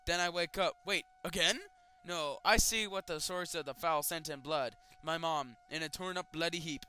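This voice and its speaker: A man's voice: on the high side, moderate pace, soft background music. Young man mockingly reading creepypastas. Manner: sarcastic, mocks the stories with loud outbursts. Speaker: creepypasta reader. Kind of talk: comedic dramatic reading with commentary.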